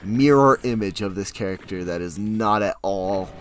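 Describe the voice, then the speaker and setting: A young man chatting casually to his stream audience, rambling with sudden loud, animated bursts. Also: on the low side, normal speed, a little hiss or hum. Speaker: streamer and hobby actor. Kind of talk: casual chat to a live stream.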